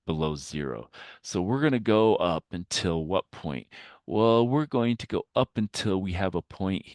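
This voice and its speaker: Deep-voiced man talking through math. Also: clear, resonant tone, no echo, studio quality. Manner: thinking aloud with many fillers. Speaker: math teacher. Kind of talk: recorded math lecture.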